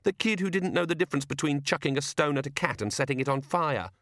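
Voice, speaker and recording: Man voicing a cool young governess, higher pitch, needling tone, dry. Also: lively intonation, fast talker, fairly bright tone, no room sound. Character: sharp, composed young woman governess.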